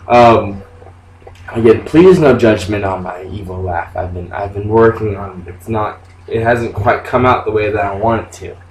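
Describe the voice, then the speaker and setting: A man's voice: on the low side, normal speed. A young man casually commenting on a video game he is playing, rambling and joking with lots of swearing. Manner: profane, rambling, jokey. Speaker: let's play gamer. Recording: distant mic with clear background noise.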